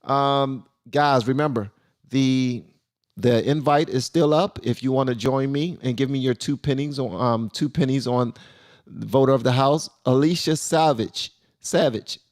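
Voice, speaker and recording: A man's voice: medium pitch, measured pace, a little mellow. A man hosting a casual live stream and talking loosely, with many fillers and restarts.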